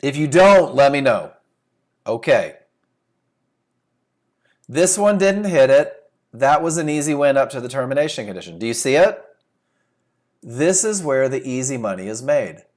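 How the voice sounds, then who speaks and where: A man's voice: medium pitch, lively intonation, unhurried, pauses often, darkish tone. A man leading a live trading class over a computer microphone, firing rhetorical questions and repeating his key points for emphasis. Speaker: trading instructor. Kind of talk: live webinar teaching.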